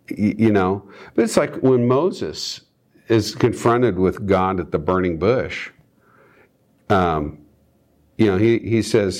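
A man's voice: fairly low pitch, lively intonation, slow, a little mellow. A man reading Bible passages aloud and breaking in with casual comments, co-hosting a discussion. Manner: reads scripture aloud, then adds asides. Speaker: Bible study co-host.

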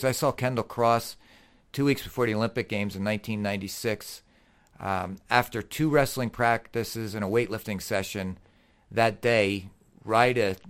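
A middle-aged man with a fairly low voice, a guest on a talk show telling stories about the athletes he trains. He is earnest and folksy, and his delivery gets animated as the stories build. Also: clear, resonant tone. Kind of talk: casual storytelling.

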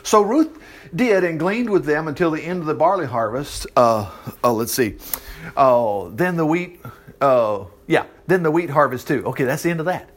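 A man's voice: a little high, animated, normal speed. A man reading a Bible passage aloud and breaking off into chatty, exclaiming commentary, sometimes losing his place. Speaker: Bible teacher.

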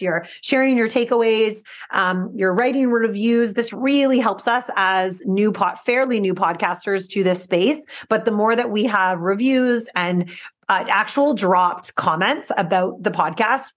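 A woman co-hosting a podcast, talking in a chatty, upbeat way with many fillers. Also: mid-range voice. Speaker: podcast co-host. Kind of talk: casual chat, reading listener reviews.

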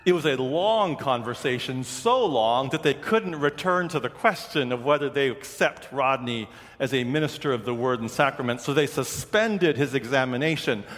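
A man's voice: mid-range voice, lively intonation, normal speed, few pauses, a bit bright. Guy preaching a sermon in a big echoey church, tells stories and does the voices. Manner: storytelling, acts out quoted voices. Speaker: pastor.

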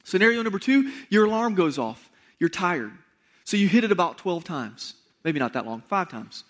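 Man, pastor, high-pitched voice, sermon, conversational, direct to the congregation, emphatic repetition. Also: big pitch swings, moderate pace, a bit bright. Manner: conversational preaching, addresses the congregation directly with rhetorical questions.

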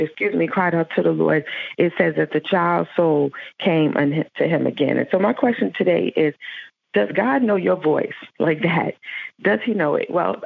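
A woman preaches in an earnest, storytelling way, then moves into fervent prayer. Her voice is husky with a gravelly edge. The sound is tinny and narrow, like a phone line, and completely dry. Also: fairly low pitch, dry recording. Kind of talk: devotional sermon and prayer.

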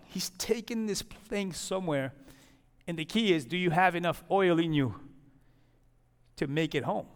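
A man with a high voice preaches in a casual, conversational way, building into a fervent prayer. His voice rings with a long hall reverb in a church. He sounds middle-aged and speaks as a pastor to his congregation. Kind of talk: sermon and closing prayer.

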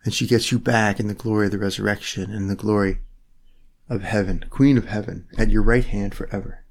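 A man with a fairly low voice leads a reflective sermon. He lays out his thoughts in short, measured phrases. Now and then he turns from the listeners to speak to God directly in prayer. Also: steady tone, creaky. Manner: slow, phrase-by-phrase delivery with pauses.

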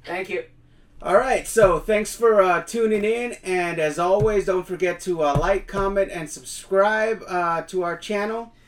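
A man co-hosting a casual movie review podcast, jokey and laughing, talking in halting restarts. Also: high voice. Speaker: podcast co-host. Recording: echoey room, distant mic.

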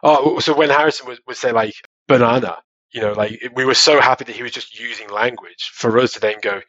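A man, a father telling stories as a podcast guest, animated and quick to laugh. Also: medium pitch, no room sound, dull audio. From Australia. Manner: animated storytelling, laughs often, many restarts. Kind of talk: casual interview chat.

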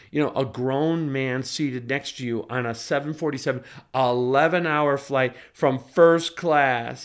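A man recounts a personal story with a sardonic, indignant edge, piling on wordy flourishes. His voice sits somewhat high for a man. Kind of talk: conversational anecdote.

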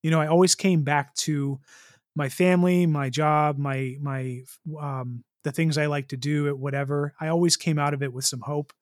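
A man's voice: fairly high pitch, fairly even intonation, normal speed, dry recording, studio quality. A man co-hosting a podcast, talking casually and rambling with many restarts. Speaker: podcast co-host. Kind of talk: casual chat.

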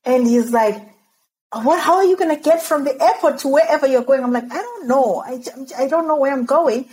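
A woman from Zimbabwe, a podcast guest, telling her story in an animated way and laughing often. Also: sits high, a little fast, low-quality recording.

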